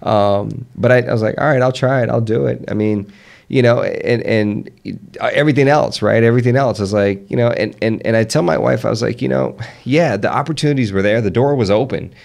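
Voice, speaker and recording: A man's voice: medium pitch, brisk, creaky, a little mellow. A man in his thirties from the Southern United States with a faint Southern accent, a podcast guest talking earnestly with frequent restarts. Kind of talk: casual conversation.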